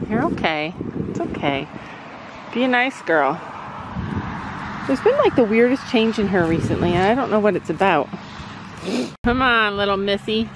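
Woman, higher voice, very animated; vlog host talking to her horse outside. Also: noisy background. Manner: coaxing, talks to her horse. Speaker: vlogger and horse owner. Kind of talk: casual vlog talk while handling a horse. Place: outdoors in a horse paddock.

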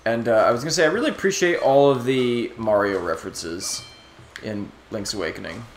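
A man's voice: medium pitch, a little fast, a little hiss or hum. A man from New Jersey chatting casually while playing a video game, rambling and joking. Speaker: let's play co-host. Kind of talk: casual gameplay chat. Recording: echoey room with faint game music.

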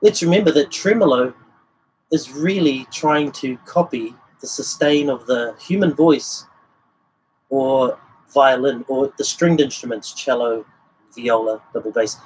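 Speaking a little slowly in a medium-pitched voice with a breathy edge, a guitar teacher gives a casual livestream lesson. He explains the technique and sings rhythms as syllables over guitar playing, on a low-quality recording.

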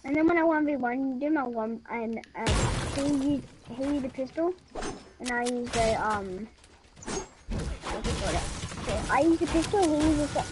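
A woman chatting casually while playing a video game, excitable and rambling, often laughing and gasping. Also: sits high, normal speed. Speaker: gameplay commentator. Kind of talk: casual let's-play chatter. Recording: noisy background with clicking.

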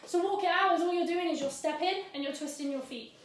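A woman's voice: extremely high pitch, fast, far from the mic, background noise. Breathless woman teaching dance in an echoey room. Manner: scats the rhythm with syllables, frequent "yeah?" checks. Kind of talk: dance tutorial with counting and rhythm vocalizing.

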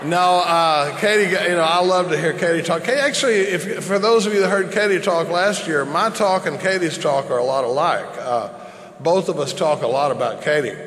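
A man's voice: fairly high pitch, normal speed, a bit bright, reverberant, in a large hall, poor audio. A man in his fifties giving a folksy, rambling recovery talk with jokes to a large convention crowd. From Dallas, Texas. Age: 50s. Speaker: recovery meeting speaker.

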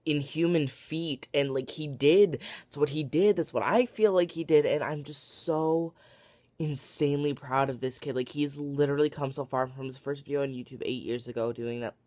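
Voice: medium pitch, moderate pace, a little mellow. A young adult vlogger speaks casually to camera at home, worn out but overflowing with feeling. The voice sits mid-height and the sound is dry and close, with no room echo. Sentences tumble out with fillers and restarts. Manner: gushing and emotional, rambling with many fillers and restarts. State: tired and worked up. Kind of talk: casual late-night vlog to camera.

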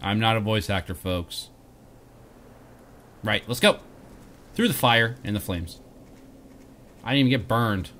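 A man's voice: fairly low pitch, unhurried, pauses often, a bit bright, a little hiss or hum. A man hosting a game let's play, reading quest text aloud and joking about himself. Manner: playful, jokey, laughs at himself. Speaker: host.

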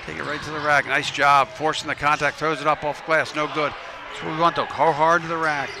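Man, sports commentator, high school basketball play-by-play, quick play calls, slightly high voice, noisy gym. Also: level tone. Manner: rapid play calls with coaching asides. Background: game crowd and ball bounces.

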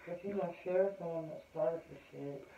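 A woman's voice: fairly low pitch, moderate pace, vocal fry, mellow. A woman chatting casually, putting in brief, matter-of-fact remarks. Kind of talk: casual chat. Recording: tinny phone-like sound in an echoey room with noise.

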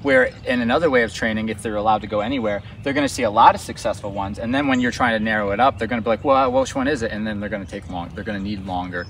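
A man's voice: fairly low pitch, rapid-fire, few pauses, a bit bright. A man talks through a dog training session with loose, enthusiastic explanations. He stands some distance from the mic outdoors. Faint traffic hums behind him.

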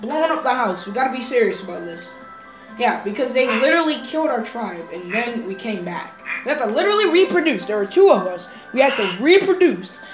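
A woman voicing every character in a game role-play story, hesitant and full of fillers, breaking into excited shouts. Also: a little high, a little fast. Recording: roomy recording over game music.

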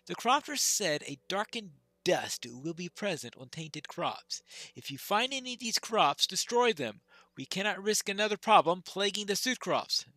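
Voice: medium pitch, big pitch swings, normal speed, bright, forceful tone, no room sound. Player reading a grave fantasy quest-giver. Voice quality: plain read-aloud delivery. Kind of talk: reading game quest text aloud.

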